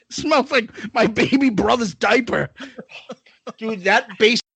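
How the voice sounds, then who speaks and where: A man's voice: very high voice, takes it slowly, creaky, fairly bright tone, slightly rough, no room sound. A man co-hosting a podcast, out of breath from laughing as he tells a profane story. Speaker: podcast co-host. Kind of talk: casual storytelling.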